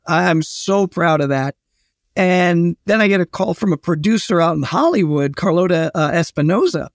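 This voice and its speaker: A man, a historian and guest, telling anecdotes in a relaxed interview, with many fillers and restarts. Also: fairly high pitch, normal speed, no echo, studio quality. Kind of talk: casual storytelling interview.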